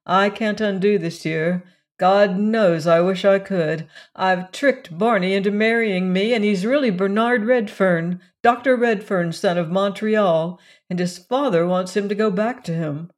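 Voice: medium pitch, a little slow, natural voice. A narrator voicing a weary young woman. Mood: weary, blunt. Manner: flat, mechanical delivery. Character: weary, blunt young woman leaving her marriage.

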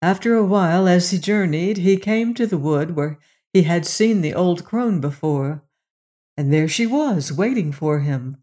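Reading a fairy tale aloud, this storyteller speaks at medium pitch in a measured manner with gentle expressiveness.

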